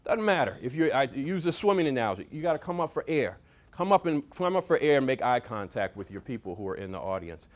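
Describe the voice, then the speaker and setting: A man giving a lively motivational talk to a workshop audience, coaching them with sports analogies, repetition and swings in loudness. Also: medium pitch, fast. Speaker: speaker at a leadership workshop. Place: meeting room with audience.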